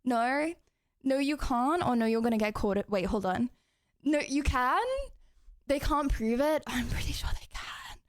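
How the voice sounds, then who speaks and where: Young woman streamer, high voice, bubbly and giggly, casual live chat. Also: unhurried, no echo, clean studio sound.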